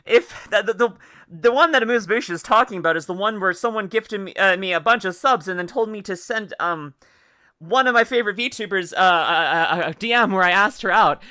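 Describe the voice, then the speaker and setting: A young woman streaming as she reacts to videos, gushing, swearing freely and squealing with excitement. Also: medium pitch, fairly quick, clean tone, no echo, studio quality. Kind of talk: casual live-stream chat.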